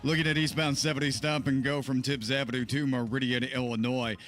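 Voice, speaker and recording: Midwestern traffic reporter, brisk scripted read, mid pitch, plain radio voice. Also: male voice. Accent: Midwestern American. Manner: brisk, even, scripted delivery.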